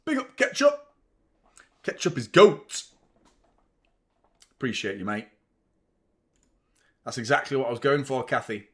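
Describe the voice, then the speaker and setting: A man, hosting a football watchalong with excitable, rambling commentary and frequent swearing. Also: mid-range voice, a little slow, pauses often. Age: 30s. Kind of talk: live match commentary and chat.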